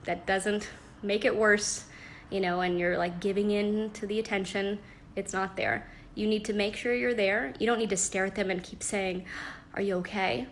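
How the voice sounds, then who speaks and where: A young woman talks casually into a phone at home, giving practical parenting advice. Her voice has a gravelly, fry-touched edge at a middling pitch. She rambles a little, with frequent fillers and soft laughs, and a faint hiss sits under her voice. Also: steady tone, normal speed. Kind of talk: casual live-stream talk.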